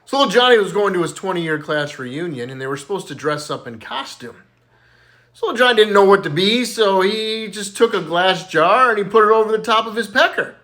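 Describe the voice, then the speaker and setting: A man's voice: sits high, lively intonation, a little fast, pushed and bright. A man telling dirty jokes in a casual, folksy storytelling way. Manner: folksy storyteller, plays each character with a raised voice. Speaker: joke teller.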